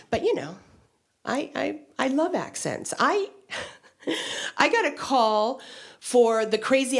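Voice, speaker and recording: A woman performing a stand-up set, telling stories in an animated way with sudden high squeals, on stage with a handheld mic. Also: slight background noise. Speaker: stand-up comedian. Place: stage before a live audience.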